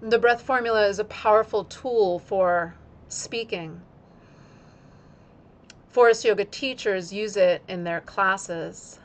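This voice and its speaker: In an instructional video, a female yoga teacher speaks slowly and deliberately, pacing her words to her breath. Her voice sits in the mid-range.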